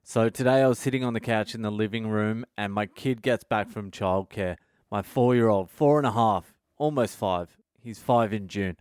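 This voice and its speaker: A man's voice: on the low side, moderate pace, clean tone, dry recording, studio quality. Foul-mouthed man telling a comic story. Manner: swears constantly, animated storytelling. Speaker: comedian podcast host. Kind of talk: casual comic storytelling monologue.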